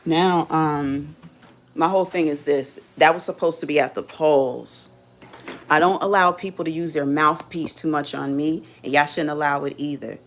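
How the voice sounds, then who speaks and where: A woman with a slightly lower voice hosts a live stream. She talks straight to her viewers in a loose, casual monologue. Her manner is sassy, teasing and full of slang. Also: steady tone, normal speed, slight background noise.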